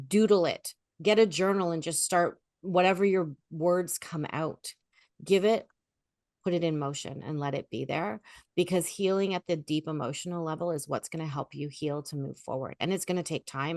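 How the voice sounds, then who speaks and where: A woman grief coach giving animated, expressive advice in a podcast conversation. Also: low-pitched, no room sound, studio quality. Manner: animated, expressive, lively storytelling.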